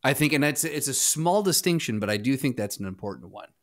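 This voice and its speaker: A man co-hosting a podcast, giving reasoned opinions in a casual, measured way with frequent restarts. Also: mid-range voice, expressive. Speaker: podcast co-host. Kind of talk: casual chat.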